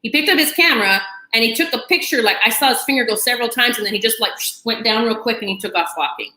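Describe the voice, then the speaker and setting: Animated woman telling a story in an echoey room. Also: on the high side, fast talker. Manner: animated, chatty, dramatic retelling with asides and laughs. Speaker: channel host. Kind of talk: personal storytelling to camera.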